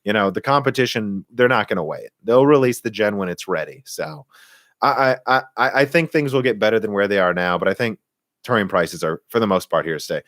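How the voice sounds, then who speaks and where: A man's voice: lowish voice, a bit bright, dry recording, studio quality. A young man with a Midwestern American accent from Minnesota, casually answering viewer questions on a live stream in an opinionated, bursty way. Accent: Midwestern American, Minnesota, Michigan and central Illinois. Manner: opinionated, talks in quick bursts with restarts and laughs. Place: home room.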